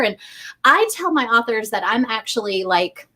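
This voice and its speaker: A woman book editor talking in a casual interview, animated and acting out voices as she tells stories. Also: fairly high pitch, moderate pace. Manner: animated, acts out voices when telling stories.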